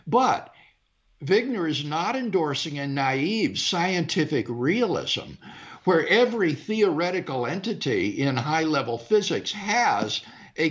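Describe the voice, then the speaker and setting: A man answering as the guest in an interview, explaining his view in a careful, measured, lecturing way. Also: on the high side, dull audio. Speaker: guest philosopher. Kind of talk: interview discussion.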